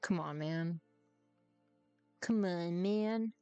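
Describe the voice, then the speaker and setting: A woman's voice: on the low side, extremely slow, warm tone, clear, resonant tone, no echo, highs cut off, soft background music. A woman chatting casually through her gameplay, teasing and muttering to herself as she plays. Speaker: gaming streamer.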